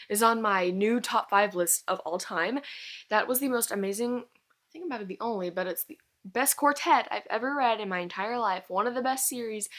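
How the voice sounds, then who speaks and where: Young woman fangirling over a book series, lots of oh my gosh energy, normal pitch. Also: fairly bright tone. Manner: gushing, breathless fangirling with many exclamations. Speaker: book vlogger. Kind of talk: excited casual book review.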